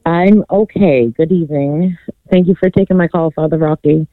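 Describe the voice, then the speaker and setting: A woman caller from Massachusetts, grieving and tearful, speaking quietly and haltingly on the phone. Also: low-pitched, slight background noise. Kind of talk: phone call to radio show. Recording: tinny phone line.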